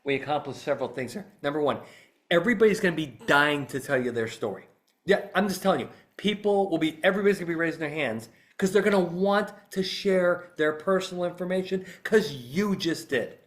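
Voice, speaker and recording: Animated middle-aged man telling a story. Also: a little high, a little fast. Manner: storytelling, animated, addresses imagined jurors. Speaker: trial consultant. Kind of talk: podcast talk acting out a voir dire example.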